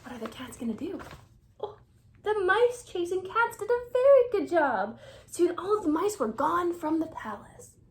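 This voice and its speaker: Woman reader for a children's picture book. Animated, high-pitched, whispers asides to the kids. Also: moderate pace, slight background noise.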